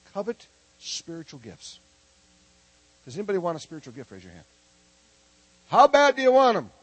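A middle-aged man from Minnesota preaching a lively, humorous sermon and calling on the congregation to answer back. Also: fairly high pitch, slightly rough, no room sound, low-quality recording. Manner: animated, joking, calls for congregation response. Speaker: preacher teaching a prophetic ministry school.

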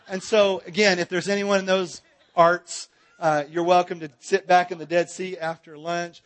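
A man's voice: high voice, steady tone, normal speed. A man teaching a Bible seminar in a church, joking with and directing his audience.

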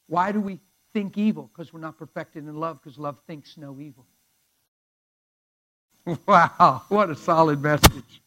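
A man pastor preaching through a personal story, fervent and conversational, often dropping to a hush. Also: on the high side, a little slow, rough recording. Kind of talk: storytelling sermon.

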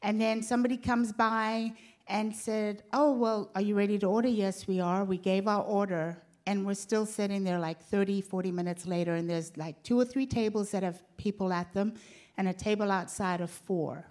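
A woman, telling a lively personal story to a church congregation and acting out the voices of the people in it. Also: medium pitch, moderate pace. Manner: animated, acts out quoted voices. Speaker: pastor's wife telling a story.

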